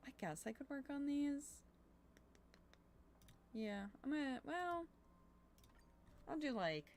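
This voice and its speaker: Young woman, casual live-stream chat, rambling, fillers, slightly hoarse, mid pitch, faint noise behind. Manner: chatty and rambling, many fillers and restarts; animated greetings to chat. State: slightly hoarse from overuse, recovering.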